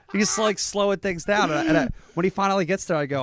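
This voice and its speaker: A man co-hosting a casual podcast chat in an office, telling stories in an excitable, quick way with a lot of "yeah". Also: a little high. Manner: excitable, quick storytelling with many yeahs. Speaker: podcast co-host and comedy club owner.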